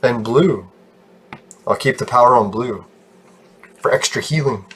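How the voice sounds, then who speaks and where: A man's voice: mid-range voice, unhurried, a little hiss or hum. Rambling man narrating his gameplay. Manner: rambling, self-deprecating, laughs often and swears. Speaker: gaming video host. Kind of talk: casual gameplay commentary.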